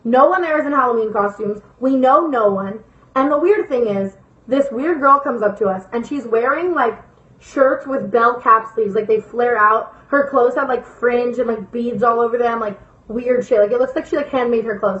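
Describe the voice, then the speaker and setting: Young woman vlogger, higher voice, chatty storytime delivery, heavy swearing, lo-fi and roomy recording. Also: moderate pace, fairly bright tone. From Las Vegas, USA. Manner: rambling, swears a lot, repeats herself for emphasis. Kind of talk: casual storytime.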